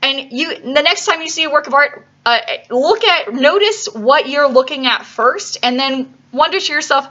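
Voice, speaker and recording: A woman's voice: sits high, lively intonation, moderate pace, hardly any pauses, pushed and bright. Chatty woman teaching art to kids. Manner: chatty, checks in with "right?" and "okay?". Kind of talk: classroom video lesson for children. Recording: slightly dull lo-fi recording.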